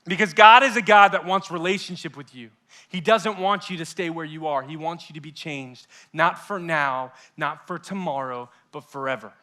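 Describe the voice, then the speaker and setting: Bright-voiced, impassioned male youth pastor. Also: high voice. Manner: impassioned, swings between loud and hushed; acts out listeners' inner voices. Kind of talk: sermon.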